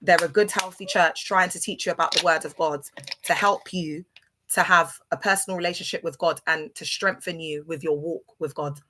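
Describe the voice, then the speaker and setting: This is a deep-voiced woman from London, hosting a livestream with a rambling, filler-heavy personal story that keeps restarting. Her intonation stays fairly even at a moderate pace, the tone pushed and bright, and a little hiss or hum sits under the recording.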